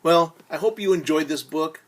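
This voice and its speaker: A young man teaching children, musing aloud with gentle questions during story time. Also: a little high, moderate pace.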